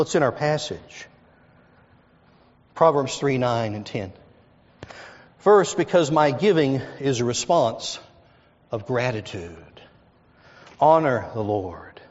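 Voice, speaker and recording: A man from Texas, a pastor, preaching a sermon in a church, telling stories and driving points home with lists and repetition. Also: fairly high pitch. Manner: storytelling with emphatic repetition and lists. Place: church sanctuary. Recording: dull lo-fi sound with long hall reverb.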